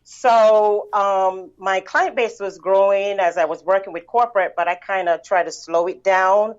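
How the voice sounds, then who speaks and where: A woman's voice: mid-range voice, unhurried. Caribbean woman telling her story, lo-fi. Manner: animated storyteller, frequent "you know" and laughs. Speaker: guest, bookkeeping business owner. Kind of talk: casual interview storytelling.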